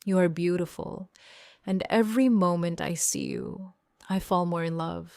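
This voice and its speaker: A woman reading the lines of a pushy man declaring obsessive love, in a plain, even voice. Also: lowish voice, a little slow, vocal fry, no room sound, clean studio sound. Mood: insistent.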